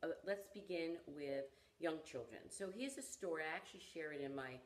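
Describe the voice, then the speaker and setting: A woman who teaches parenting, telling a story in conversation and acting out the people in it with lively expression. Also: deep voice, normal speed. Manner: animated storyteller who acts out the people in her stories. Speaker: parenting educator. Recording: roomy echo.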